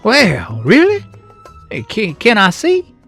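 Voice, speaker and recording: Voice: medium pitch, wildly swooping pitch, takes it slowly, fairly bright tone, faint music behind, exaggerated voice. A performer voicing a chatty little boy rabbit. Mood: playful. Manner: chatty and playful, says y'all, laughs often. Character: small young boy rabbit, curious and playful.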